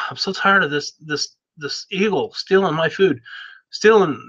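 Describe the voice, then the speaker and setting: A hungry, stubborn young boy, voiced by a man telling the story, sounding exasperated and muttering to himself. The voice sits a bit high and bright. It comes through a dull, lo-fi recording. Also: measured pace. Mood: indignant.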